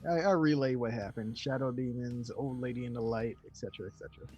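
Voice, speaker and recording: A man's voice: medium pitch, fast, dark tone, rough recording. A man playing his character in a tabletop game, speaking in character and muttering. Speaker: player. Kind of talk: in-character tabletop role-play.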